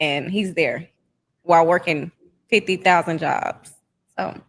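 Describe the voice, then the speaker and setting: A woman speaking calmly and plainly in a reality show confessional. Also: fairly low pitch, unhurried. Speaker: reality show cast member.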